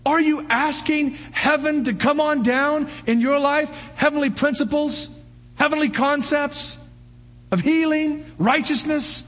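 An older man preaching a sermon, firing off rhetorical questions and breaking into animated shouts. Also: very high voice, breathy edge. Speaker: pastor.

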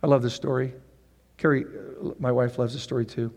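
A man's voice: mid-range voice, flat delivery, a little fast, a little mellow, long reverb tail. A man preaching a sermon in a conversational way who acts out the scenes. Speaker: pastor.

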